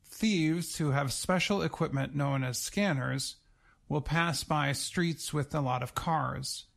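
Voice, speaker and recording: Male reporter, slightly higher pitch, gravelly texture, measured read. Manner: steady, measured news delivery. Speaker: news reporter. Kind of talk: scripted news reading.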